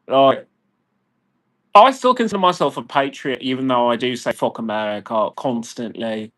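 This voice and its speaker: Brief: man, mid-pitched, ranting vlog monologue, profane and agitated, rambling delivery. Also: normal speed, fairly bright tone. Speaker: vlogger.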